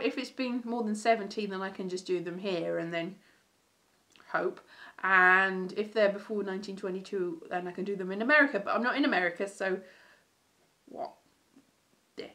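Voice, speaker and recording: A woman's voice: medium pitch, fairly bright tone. A young British woman chatting casually on an unscheduled live stream, rambling and self-mocking, often trailing off and restarting. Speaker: vlogger.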